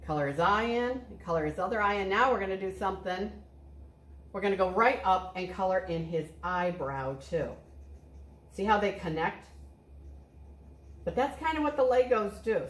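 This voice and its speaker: A woman art teacher leading a cheerful, step-by-step drawing lesson for children, encouraging them as she goes. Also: mid-range voice. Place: art studio. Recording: echoey room.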